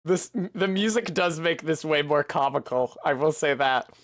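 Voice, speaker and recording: A man's voice: on the high side, moderate pace, no room sound, clean studio sound. A man rambling casually and poking fun at himself while streaming a video game, swearing now and then. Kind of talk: casual commentary while playing.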